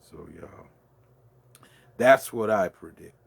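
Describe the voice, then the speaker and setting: A man's voice: lowish voice, expressive, slow pace, creaky, breathy edge. A man in his fifties, grieving, rambling profanely through a late-night monologue with many restarts. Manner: profane, meandering, restarts often. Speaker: vlogger.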